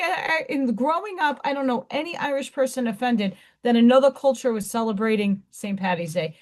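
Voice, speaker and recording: Brisk and barely pausing, this middle-aged woman speaks in a slightly high voice. She's a livestream host in casual live chat, wandering from topic to topic and saying hello to viewers by name.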